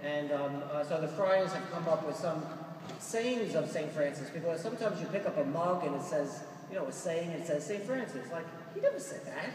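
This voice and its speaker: A man's voice: on the high side, lively intonation, normal speed. A man from Brooklyn with a Brooklyn New York accent, a Franciscan friar giving a humorous conference talk and laughing at his own jokes. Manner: joking storyteller, laughs at his own lines. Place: large church or conference hall. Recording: echoey hall from far off, noisy.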